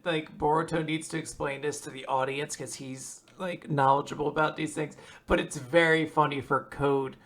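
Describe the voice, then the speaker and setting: A co-host in a casual podcast chat, reacting with easy amusement and frequent laughter. The voice has a bright, forward edge at a medium pitch.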